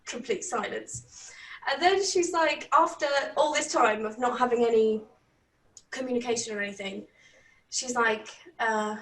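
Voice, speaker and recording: A woman with a British accent telling a story in a casual, animated way, laughing often and swearing. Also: a little high, a little slow. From Britain. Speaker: channel host. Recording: roomy, distant from mic.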